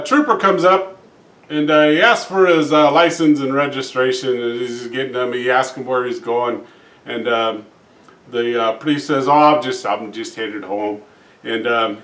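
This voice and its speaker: Joke-telling man, casual, filler-heavy, echoey room, distant mic. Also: fairly bright tone. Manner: folksy, frequent "uh" fillers, acts out characters with raised pitch. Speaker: joke teller. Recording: roomy echo, distant from mic.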